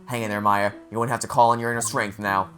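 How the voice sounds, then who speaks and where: A man's voice: fairly low pitch, level tone, fast talker, fairly bright tone, faint music behind. A man playing a video game, reading its lines aloud and adding blunt, sarcastic remarks that turn angry. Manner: blunt, sarcastic and easily riled. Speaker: let's play gamer.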